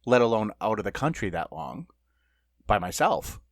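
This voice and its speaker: A man's voice: lowish voice, sing-song, normal speed, no room sound, studio quality. A middle-aged man co-hosting a podcast, telling stories in a loose, rambling way with lots of fillers and laughs. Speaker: podcast co-host. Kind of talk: casual podcast chat.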